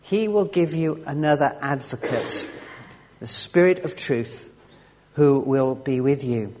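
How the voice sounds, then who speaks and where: A man's voice: mid-range voice, slow, a little mellow. A man gives a conversational sermon in a church hall. He talks through the text with asides and small restarts, and a long reverb trails each phrase. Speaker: preacher.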